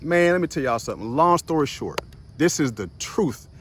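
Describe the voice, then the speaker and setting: A man's voice: fairly high pitch, normal speed, breathy edge. A young man hosts a short motivational video series. He tells a personal story in a casual way, talks straight to his viewers, laughs often and acts out the other voices. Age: young adult. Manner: animated, chatty, addresses viewers directly as "y'all" and "guys".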